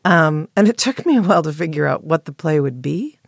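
A woman playwright, hoarse with morning voice, clearing her throat and answering interview questions thoughtfully with pauses and restarts. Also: sits low, lively intonation, no room sound, studio quality. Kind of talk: interview guest.

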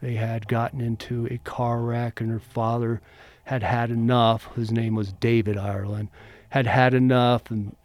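A middle-aged man, once a bodyguard and now the interviewee, casually recounts a story from his own life in a mid-range voice at a moderate pace. He's animated and acts out the quoted lines as he goes. There's no room sound.

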